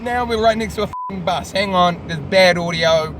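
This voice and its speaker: A high-pitched man, tipsy and animated, rambles through crude jokes while sitting in a car. Loud city traffic rumbles outside and fills the recording. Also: normal speed. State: tipsy from drinking. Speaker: vlogger host. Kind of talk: rambling casual banter. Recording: loud street traffic noise.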